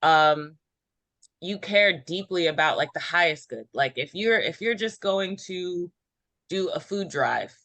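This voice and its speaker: A woman giving an intuitive numerology reading in a casual group chat, meandering and filling pauses with ums. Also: on the low side, lively intonation, a bit bright, dry recording. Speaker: numerology reader.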